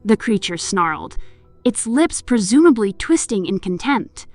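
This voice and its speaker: A woman's voice: medium pitch, big pitch swings, unhurried, darkish tone, no echo. A woman narrating a horror story and voicing the heroine with emotion. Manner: emotional, voices the heroine's pleading lines. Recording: music in the background.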